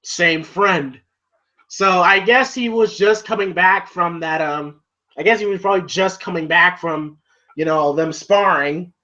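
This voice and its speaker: A man's voice: high-pitched, measured pace, sharp tone. A man casually recapping a film as a reviewer, rambling and filling his talk with "you know" and "like". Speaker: movie reviewer. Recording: dull lo-fi home recording.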